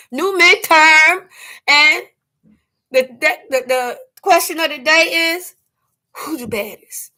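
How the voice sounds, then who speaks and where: A woman, hosting a casual livestream chat, joking and animated. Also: sits high, takes it slowly, long pauses. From New York. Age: 40s. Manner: animated, joking, breaks into laughs and shouts. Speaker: livestream host.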